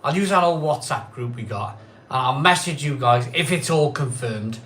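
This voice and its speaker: A man's voice: medium pitch, lively intonation, normal speed. A middle-aged man hosting a live craft beer stream, chatting in a rambling, repetitive way, a bit tipsy after a pint or two. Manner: chatty, rambling, repeats himself, loud cheery greetings. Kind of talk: casual live-stream chat.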